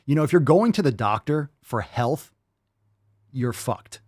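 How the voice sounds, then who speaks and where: A man's voice: medium pitch, animated, unhurried, a little mellow, dry recording, clean studio sound. A man hosting a livestream podcast, reacting to clips with a profane, exasperated rant. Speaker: podcast host.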